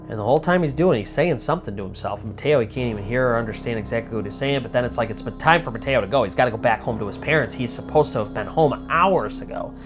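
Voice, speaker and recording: A man telling a spooky tale in a loose, conversational voice, with dramatic swings and plenty of fillers. His speaking voice sits in a middle pitch. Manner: chatty, dramatic, lots of "like" fillers. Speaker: storyteller. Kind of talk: casual spoken storytelling.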